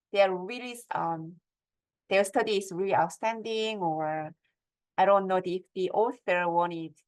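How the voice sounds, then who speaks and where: A middle-aged woman gives a step-by-step lecture on academic writing and keeps checking in with her audience through questions. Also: mid-range voice.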